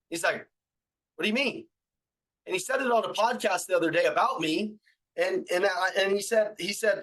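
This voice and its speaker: A man with a fairly high voice delivers a motivational talk to salespeople. He hammers his points with repetition, slang and casual swearing, often climbing into loud, driving shouts. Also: moderate pace, low-quality recording. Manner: emphatic, repetitive, slangy and profane. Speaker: sales trainer and motivational speaker. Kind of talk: motivational speech.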